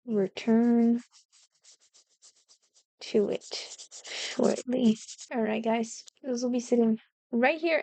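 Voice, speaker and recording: A talkative woman with a fairly high voice chats to her viewers as she paints, poking fun at herself along the way. The sound is close and dry, with almost no room around it. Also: dark tone, no room sound. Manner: chatty, self-mocking, talks to viewers. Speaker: art vlogger. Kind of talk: casual chat while painting. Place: indoors, sitting on the floor.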